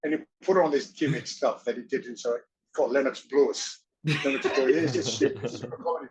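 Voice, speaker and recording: Excitable guy rambling thru his stories, acts out quotes, swears a bit, mid pitch. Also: fast talker, low-quality recording. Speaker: interview guest, former wrestler and actor. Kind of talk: casual storytelling.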